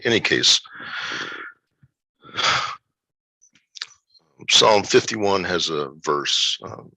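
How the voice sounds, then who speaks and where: A middle-aged man telling a personal story of grief and recovery in a reflective, halting way. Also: a bass voice, gravelly, sharp tone, slightly rough, no echo, rough recording. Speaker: guest sharing a personal story.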